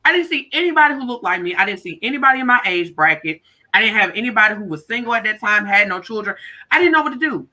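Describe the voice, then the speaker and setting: A woman in her thirties tells a candid personal story, lively and expressive. Her voice is bright and forward, and she slips into the voices of people she quotes. Nothing in her tone stays flat for long. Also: medium pitch, quick pace. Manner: animated, acts out other people's words in her telling. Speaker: guest life coach.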